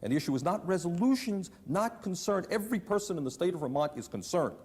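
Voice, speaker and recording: Fast-talking emphatic man debating. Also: sits high, expressive, darkish tone, breathy edge, big-room sound. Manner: emphatic, insistent, repeats key phrases. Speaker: city mayor and candidate in a televised debate. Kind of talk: debate argument. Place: TV studio.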